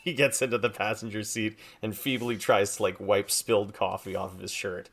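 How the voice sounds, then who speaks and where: A man with a lowish voice narrating a tabletop game as game master. He describes scenes in a relaxed way with casual fillers. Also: brisk, gravelly, a little hiss or hum.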